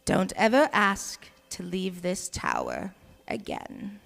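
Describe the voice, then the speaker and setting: A woman's voice: mid-range voice, huge pitch swings, slow pace, gravelly, a bit bright, in a large hall, soft background music, heavily acted. A woman playing a possessive, manipulative mother, singing and speaking her lines with theatrical drama in a live cabaret. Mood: sweetly controlling. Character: possessive manipulative middle-aged mother, guilt-tripping.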